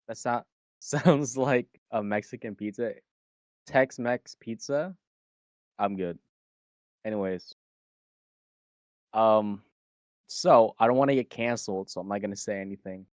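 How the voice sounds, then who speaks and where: A man's voice: lowish voice, unhurried, pauses often, no echo. A man co-hosting a casual stream chat, joking in a laid-back way and reading chat messages aloud. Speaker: VTuber streamer and co-host.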